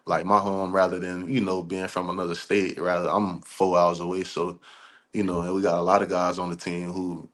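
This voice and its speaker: A young man, a college football player, talking in a relaxed, slangy way with lots of fillers as a podcast guest. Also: sits low, moderate pace. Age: young adult. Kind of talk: casual interview chat.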